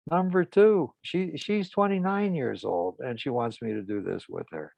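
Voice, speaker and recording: Gravelly older man, halting storyteller. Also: medium pitch, no room sound. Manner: halting, with frequent restarts and soft laughs. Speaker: psychotherapist. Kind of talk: reflective storytelling in a group session.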